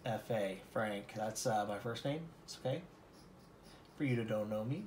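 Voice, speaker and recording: A man's voice: fairly low pitch, moderate pace, darkish tone, roomy sound, a little hiss or hum. Rambling American man teaching oil painting. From Colorado, USA. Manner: rambling, self-deprecating, many fillers. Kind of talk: casual painting tutorial.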